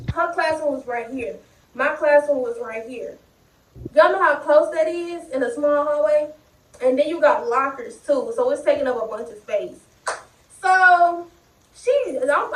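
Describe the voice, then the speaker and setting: High-voiced woman in a roomy room. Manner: animated, profane, talks to viewers directly. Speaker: vlogger. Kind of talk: casual storytime. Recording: roomy sound, distant mic.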